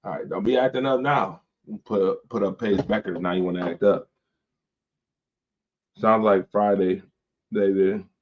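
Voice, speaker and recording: A man hosts a late-night sports talk show, bantering loosely and reading out viewer comments. His voice sits a little low and comes through dull, lo-fi stream audio. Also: fairly even intonation, unhurried, pauses often. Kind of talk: casual chat with viewers.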